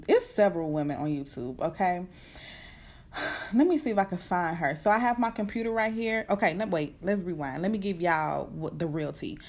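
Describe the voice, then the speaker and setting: A young woman hosting her podcast from home at night, chatting casually and excitedly with lots of fillers. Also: medium pitch. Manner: chatty, animated, fast-talking with many fillers. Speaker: podcast host. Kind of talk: casual unscripted chat. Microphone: computer setup at home.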